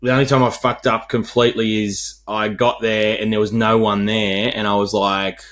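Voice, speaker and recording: A man's voice: on the low side, moderate pace. An Australian man, a wedding celebrant and podcast co-host, telling stories in casual chat, swearing freely. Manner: swearing, animated storytelling with acted quotes.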